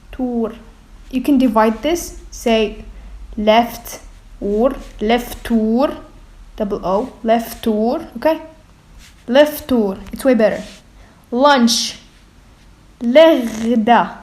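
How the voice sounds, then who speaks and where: A woman gives a beginner vocabulary lesson at a slow, careful pace. Her voice sits a little high, and she pronounces each word deliberately before repeating it. She often checks in with listeners by asking "okay?". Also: a little mellow. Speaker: language teacher.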